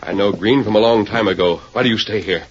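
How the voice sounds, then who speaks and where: An actor playing a commanding masked Western hero in an old radio drama, urgent and bold. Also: male voice, fairly low pitch, fast talker, close to an everyday voice. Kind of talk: 1930s radio acting. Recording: muffled old radio recording with loud hiss.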